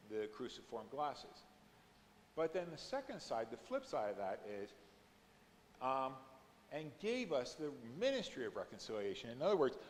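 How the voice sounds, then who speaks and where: There's a long reverb tail on this mid-range male voice from a church adult education class. The teacher breaks scripture readings down step by step, his delivery becoming emphatic at the points where he quotes them.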